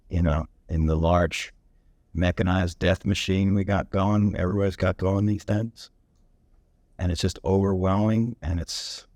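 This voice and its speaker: Deep-voiced earnest man. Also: darkish tone, no room sound. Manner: earnest, thoughtful, halting. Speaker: panelist actor. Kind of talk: earnest reflective panel talk.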